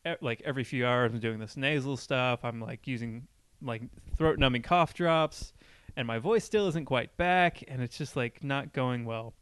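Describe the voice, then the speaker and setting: A man's voice: mid-range voice, moderate pace, a bit bright, smooth, no room sound. A young man casually telling a long personal story on a podcast, rambling and full of "like". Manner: rambling, heavy on filler "like".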